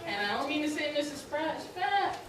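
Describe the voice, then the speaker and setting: A woman's voice: high-pitched, very animated, brisk, background noise. A woman playing a punning wisecracking detective. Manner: punning quips. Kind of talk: community theater comedy. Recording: echoey hall from far off, loud audience.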